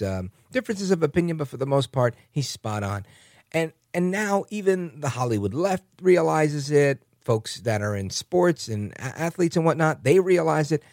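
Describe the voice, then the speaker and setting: A man hosting a podcast who delivers a political commentary monologue in an animated, sarcastic way. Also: medium pitch, no room sound, studio quality. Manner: animated and sarcastic, with mocking asides. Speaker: podcast host.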